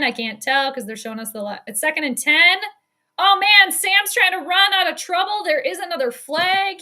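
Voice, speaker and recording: High, bright-voiced woman calling a game. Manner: chatty, laughs often, reads chat aloud. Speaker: sports streamer doing live game commentary. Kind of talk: casual live play-by-play commentary.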